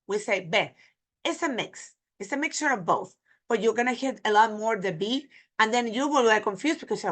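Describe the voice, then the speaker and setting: Bright-voiced teacher, woman. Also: a little high, expressive. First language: Spanish. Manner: repeats phrases slowly for learners. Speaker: Spanish teacher. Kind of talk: pronunciation lesson.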